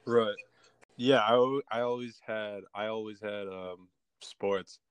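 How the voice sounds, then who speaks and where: A young man co-hosts a podcast and chats casually. His voice is very low and smooth, with little rise and fall. The sound is close and dry. He tells his stories in a laid-back way, full of "like" and "uh". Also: steady tone, slow, no echo. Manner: laid-back, storytelling with many fillers. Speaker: podcast co-host. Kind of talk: casual chat.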